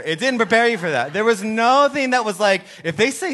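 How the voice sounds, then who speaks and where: A man with a bright, ringing voice pitched a little high tells a personal story in a loose, rambling way. He restarts his sentences often and pokes fun at himself. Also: animated, a little fast, few pauses. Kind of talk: casual storytelling chat.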